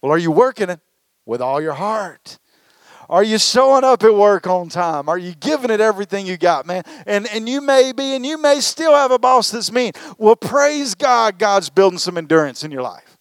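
High-pitched pastor preaching. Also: male voice, moderate pace, no room sound, studio quality. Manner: animated preaching with call-and-response to the congregation. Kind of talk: sermon. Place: church service.

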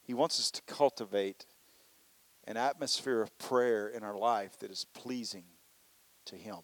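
A man's voice: on the low side, unhurried. A man preaching a conversational sermon, often saying "you know" and acting out people's complaints in prayer. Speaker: pastor.

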